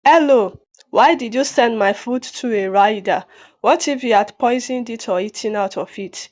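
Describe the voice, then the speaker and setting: A woman's voice: a little high, moderate pace, a little mellow, muffled recording, natural voice. A woman voicing a demanding middle-aged woman trader who complains and scolds. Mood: scolding.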